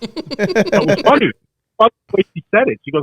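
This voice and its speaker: Amid crowd noise on a rough recording, the hosts' father, an older man with a high-pitched voice, launches into a story during casual conversation. He speaks fast and excitedly, acting out others' words.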